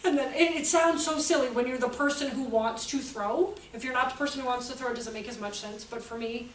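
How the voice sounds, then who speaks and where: A middle-aged woman giving an animated, chatty workshop talk to educators. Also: sits high, a little fast, a little hiss or hum. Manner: animated, chatty, acts out kids' outbursts. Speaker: teacher trainer. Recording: echoey room, voice from a distance.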